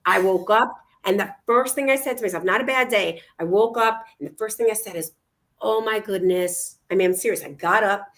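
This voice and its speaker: A woman's voice: medium pitch, quick pace, few pauses, fairly bright tone. A woman co-hosting a casual talk show, speaking energetically and encouraging her listeners. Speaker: co-host. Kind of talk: casual chat.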